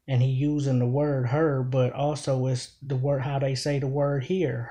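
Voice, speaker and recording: A man's voice: mid-range voice, flat delivery, moderate pace, warm tone. A man giving a casual breakdown of battle rap lines, repeating each bar emphatically while explaining it.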